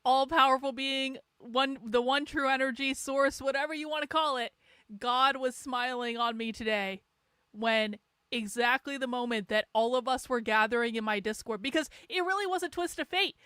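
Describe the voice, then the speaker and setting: A woman's voice: high voice, normal speed, pushed and bright, clean tone, no echo, studio quality. A middle-aged woman hosting her livestream, ranting sarcastically and with lots of swearing in a rambling casual chat. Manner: sarcastic, profane, rambling with laughs. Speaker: livestream host.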